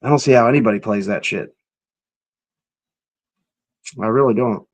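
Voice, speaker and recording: A man's voice: fairly low pitch, moderate pace. A man hosting a casual live stream, reacting to clips and chatting with viewers in an offhand, profane way. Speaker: livestream host.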